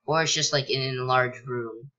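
A young man casually commentating a video game he's playing, rambling with lots of ums and likes and sudden excited yelps. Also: mid-range voice, normal speed, lo-fi sound. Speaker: gameplay commentator. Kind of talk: casual let's-play commentary.

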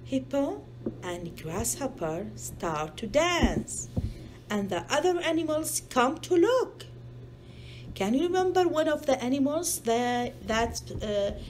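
A woman's voice: on the high side, lively intonation, slow, slight background noise. A mother reading a picture book aloud to her child, stopping often to ask patient, coaxing questions in simple non-native English.

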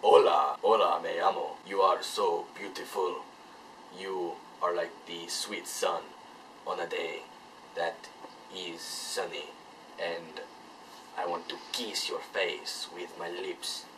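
Guy doing a sleazy spanish lover voice, low and slooow, kinda quiet. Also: flat delivery, recorded from a distance, background noise. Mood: seductive. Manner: low, hushed, drawn-out crooning. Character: seductive Spanish-accented male lover, slow and sultry.

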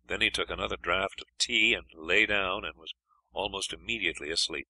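A man reading an adventure story aloud as audiobook narrator, in a steady storytelling manner. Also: low voice, a little fast, no room sound, poor audio. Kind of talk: scripted narration.

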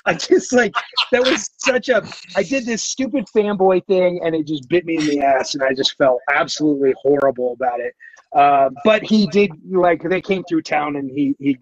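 Man guest on a talk show, fairly high voice, rambling and filler-heavy, dry lo-fi sound. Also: normal speed, dry recording. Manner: rambling, full of fillers and restarts. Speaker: podcast guest, artist. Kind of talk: casual storytelling.

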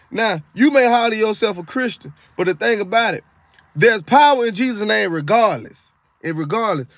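A man with a very high-pitched, somewhat bright voice, recorded dry, is a video creator retelling a dream. He speaks casually and colloquially in an emphatic testimony style, repeating himself for effect and slipping into preachy asides.

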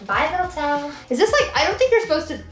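A woman's voice: high-pitched, sing-song, fast talker. A young woman vlogger chatting casually while she paints, rambling and giggly, filling her talk with "like". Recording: echoey room with soft background music.

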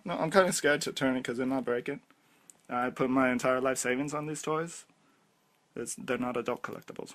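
A man's voice: fairly high pitch, a bit bright. A man doing a comedic parody toy review, ranting in exasperation and stammering over his words.

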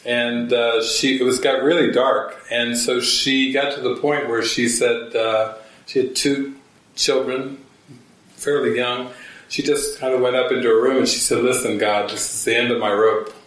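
A man's voice: mid-range voice, unhurried. Echoey storytelling man in a church hall. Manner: animated, acts out quotes in shifting voices. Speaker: spiritual teacher. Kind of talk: storytelling talk to a gathering. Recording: very echoey room, mic far off.

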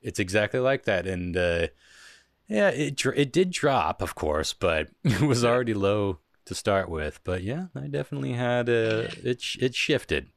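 A man with a very low voice, hosting a casual podcast chat, reading listener letters and laughing often. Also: big pitch swings, normal speed, creaky, no echo, studio quality. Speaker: podcast host.

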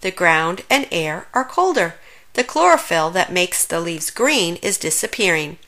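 Woman doing a storybook mother bear, soft, patient, explaining slowly, bright voice. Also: lowish voice, lively intonation, heavily acted.

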